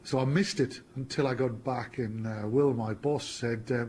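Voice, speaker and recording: A man's voice: mid-range voice, fairly even intonation, normal speed, a little mellow, a little hiss or hum. A man who works as a senior sound supervisor, casually recounting an incident in an interview. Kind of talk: interview anecdote.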